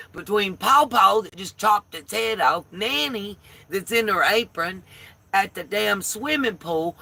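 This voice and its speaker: A woman's voice: medium pitch, vocal fry, bright, forceful tone, husky. A woman, the host of a livestream, telling a profane, colorful down-home story in a casual way.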